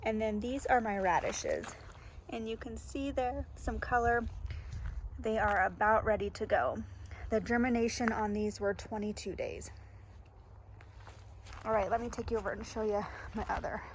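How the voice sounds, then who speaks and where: A woman's voice: fairly high pitch, normal speed, pauses often, slight background noise. A woman vlogging casually as she tours her garden, chatty and laughing often, with many ums. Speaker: homestead vlogger. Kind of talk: casual garden tour vlog. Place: outdoor garden.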